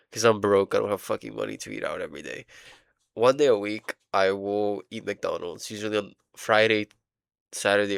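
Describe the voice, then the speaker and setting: Gravelly, low-voiced young man rambling. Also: fairly bright tone, no room sound, clean studio sound. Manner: rambling, halting, full of "like" and "um", swears casually; playing a game while talking. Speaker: vlogger. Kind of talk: casual rambling diary vlog.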